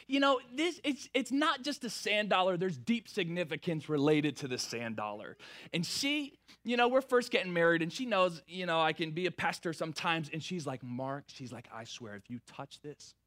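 A young man preaching, telling a funny story from his early marriage in a lively, playful way before turning earnest. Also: high voice. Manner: animated, playful storytelling with big swings in energy. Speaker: pastor. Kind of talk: sermon with a personal story.

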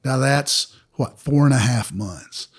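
Man, podcast co-host; husky, breathy tone, earnest and plainspoken. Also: medium pitch, takes it slowly. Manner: earnest, advice-giving, trails off softly. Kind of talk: reflective podcast talk.

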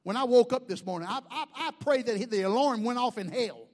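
A man preaching a sermon, a pastor, who swings from shouted declarations to quiet joking asides with folksy humor. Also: extremely high pitch, animated, a little fast.

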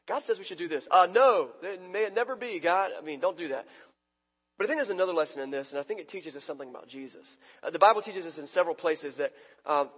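A man with a high, husky voice preaches a casual, conversational sermon. He acts out quotes, swinging from loud outbursts to quiet asides. His voice rings through the long reverb of a church hall. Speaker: pastor.

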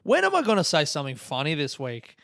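A man's voice: on the high side, huge pitch swings, fast talker, fairly bright tone, no echo, clean studio sound. A man, a comedian hosting his podcast, telling meandering, profane, nostalgic stories in a casual monologue.

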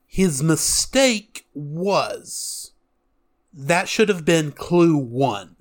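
Male co-host, mid-thirties, fairly high voice, calm and deliberate. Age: 30s. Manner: measured, deliberate, dryly teasing. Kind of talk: calm film review chat.

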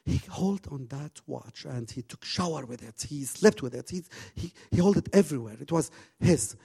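Male preacher, husky voice, impassioned storytelling sermon with slightly broken phrasing. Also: fairly high pitch, animated, moderate pace. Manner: impassioned, swinging from hushed to loud.

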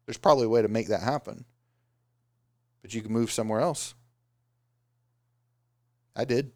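A man's voice: mid-range voice, moderate pace, long pauses, no room sound, clean studio sound. A man who owns a small business, giving casual motivational advice and now and then putting on mocking voices. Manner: animated, does mocking voices of excuses.

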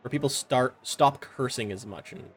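A man running a tabletop game as game master, describing scenes in a relaxed, descriptive way with filler words. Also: mid-range voice, moderate pace, slightly rough. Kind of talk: narrating a tabletop game over a call.

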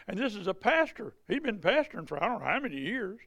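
He talks fast with hardly any pauses, his voice sitting high, animated, and fairly bright, with no echo in the recording. The revival preacher is sharing healing testimonies from the pulpit, folksy and conversational, repeating himself and restarting as he goes.

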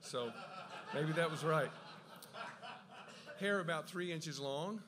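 A man giving an enthusiastic Bible talk, with quick asides and frequent restarts as he explains. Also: on the high side, a crowd in the background. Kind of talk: lively lecture on the Gospels.

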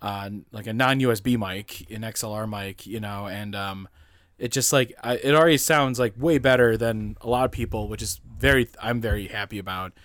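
A man's voice: on the low side, moderate pace, fairly bright tone, no echo. Rambling young man on a podcast. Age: 20s. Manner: rambling, lots of filler words and laughing. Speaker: podcast co-host. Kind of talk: casual podcast chat.

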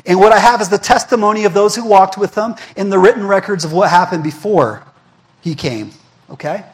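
A man's voice: high-pitched, brisk. A young man preaching a sermon in a conversational way. He asks the congregation questions, repeats himself for emphasis and often restarts his words. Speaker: pastor.

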